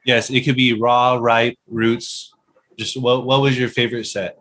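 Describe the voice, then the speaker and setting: A young man co-hosts a relaxed podcast chat, firing off questions. He keeps a playful, teasing edge in a voice of ordinary pitch. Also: a little slow. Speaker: podcast co-host.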